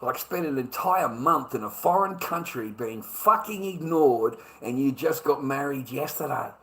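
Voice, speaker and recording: A man's voice: medium pitch, lively intonation, a little slow, a bit bright, low-quality recording. A man with an Australian accent in a profane, repetitive monologue, stammering as he restarts his sentences. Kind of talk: ranting monologue.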